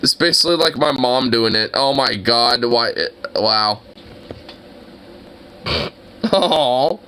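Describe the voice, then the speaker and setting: A young man reacting to videos, excitable and exclamatory, laughing and swearing often. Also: mid-range voice, slow, clean tone.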